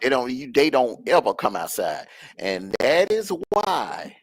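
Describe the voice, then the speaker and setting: A man's voice: mid-range voice, wildly swooping pitch, unhurried, no echo, rough recording. Emphatic Southern man on a stream. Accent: Southern US, Georgia. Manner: emphatic, repeats key lines. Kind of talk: casual chat on a live stream. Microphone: video call.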